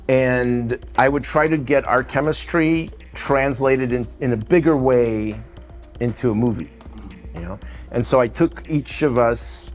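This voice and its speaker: A middle-aged man with a Russian accent, an animation director chatting casually in an interview, loose and rambling with lots of "you know" and "right?". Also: mid-range voice. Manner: rambling, filler-heavy, often adds "you know" and "right?".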